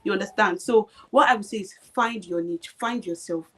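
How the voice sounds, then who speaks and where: A woman's voice: medium pitch, moderate pace, fairly bright tone. A young woman guest on a live stream, speaking emphatically and repeating her points, often checking that she is understood. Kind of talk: motivational live-stream chat.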